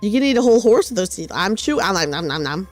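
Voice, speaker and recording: A woman streaming a game, chatting casually with her viewers in a bubbly, excitable, giggly way. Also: fairly high pitch, fast. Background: faint game music.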